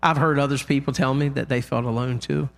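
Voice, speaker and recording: A man preaching a sermon in a church, impassioned, loudly crying out the lines he quotes. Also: medium pitch, fairly even intonation, a little fast.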